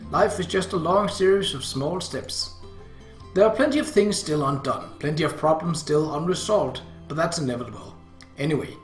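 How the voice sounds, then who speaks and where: A man reading a visual novel aloud, narrating in a measured, earnest way. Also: a little high, fairly bright tone. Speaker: reader. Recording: roomy echo, faint guitar music.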